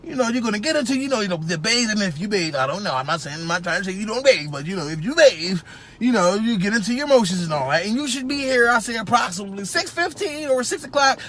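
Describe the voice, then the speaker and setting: A man putting on a rambling older male hiring manager, high and lively, all fillers and chummy, patronizing reassurance. The voice leaps up and down, and it is caught on a phone at arm's length. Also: fast. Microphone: phone held at arm's length.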